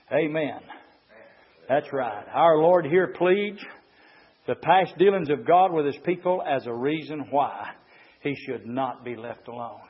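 High-voiced husky preacher man. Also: lively intonation, measured pace. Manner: impassioned, swings from low murmurs to shouted climaxes; reads passages aloud and comments on them. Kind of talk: sermon. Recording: reverberant hall, muffled lo-fi sound.

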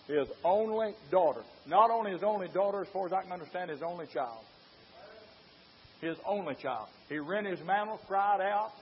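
Male preacher, high voice, fiery sermon delivery, muffled lo-fi church recording. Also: breathy edge. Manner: fervent, rising to shouts; rhetorical questions to the congregation.

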